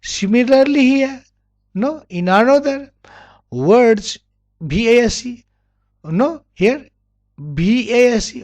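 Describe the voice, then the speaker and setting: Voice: medium pitch, animated, takes it slowly, pauses often, a little mellow. A teacher with a Nepali accent, a native Nepali speaker, giving an English lesson. The teacher spells words out letter by letter, repeats them over and over and often stops to correct a word.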